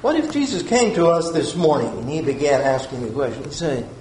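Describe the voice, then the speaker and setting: A man's voice: on the high side, lively intonation, a little fast, darkish tone, slight background noise. A man preaching a sermon, earnest, repeating key phrases and asking his listeners questions. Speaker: pastor. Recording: roomy echo.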